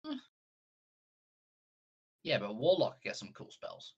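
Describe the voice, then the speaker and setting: A man's voice: medium pitch, huge pitch swings, slow, breathy edge, highs cut off. A man playing in a tabletop game, chatting casually, laughing easily and answering with short agreements. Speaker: player.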